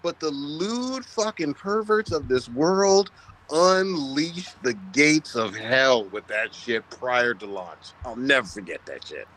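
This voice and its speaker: A man's voice: mid-range voice, animated, slow pace, fairly bright tone, low-quality recording. A man co-hosting a casual gaming podcast, telling crude stories with emphasis and drawing out words for effect. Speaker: podcast co-host.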